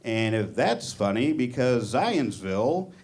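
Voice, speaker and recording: A man doing a stand-up comedy set on a club stage, with a deadpan, self-deprecating delivery. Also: mid-range voice, a little slow. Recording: live club audience. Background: laughing audience.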